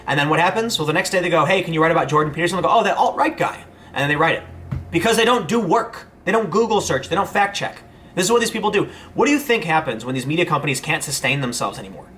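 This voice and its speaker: A man's voice: on the high side, lively intonation, fast talker, bright, forceful tone, a little hiss or hum. A man, hosting a casual livestream and answering viewer messages in a rambling way, full of fillers and restarts. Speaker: host reading viewer chat.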